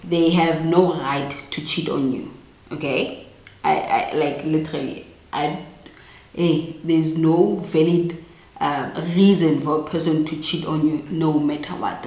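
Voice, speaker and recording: A young woman with a low voice talks straight to her viewers, blunt and emphatic in a chatty advice vlog. The sound is roomy, with a clear echo off the walls. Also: darkish tone. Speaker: vlogger giving relationship advice. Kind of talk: casual advice monologue to camera.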